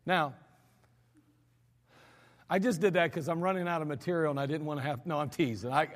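High-voiced folksy American preacher. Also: male voice, fairly quick. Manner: folksy, emphatic storytelling preacher. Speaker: pastor. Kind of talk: sermon. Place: large church sanctuary. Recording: church hall reverb.

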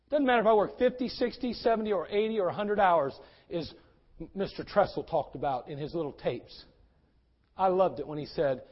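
Male preacher, high voice, urgent sermon delivery with hushed asides, muffled lo-fi sound. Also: in a large hall. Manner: swings between loud urgent exhortation and hushed pleading.

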